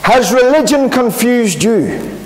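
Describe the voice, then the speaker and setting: High, lively Northern Irish preacher. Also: male voice, slow pace, a little hiss or hum, low-quality recording. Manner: emphatic, repetitive, addresses listeners as friends. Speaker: pastor. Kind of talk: revivalist gospel sermon. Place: gospel hall.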